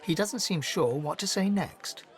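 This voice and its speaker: A man's voice: sits high, animated, measured pace. A man giving wry, storybook-style narration for a video game.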